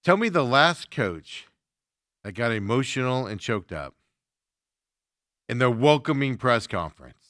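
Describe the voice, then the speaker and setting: A man's voice: mid-range voice, sing-song, a little slow, pauses often, a bit bright, no echo, studio quality. A man hosting a sports talk show, chatting casually with lots of fillers as he reacts to viewer comments.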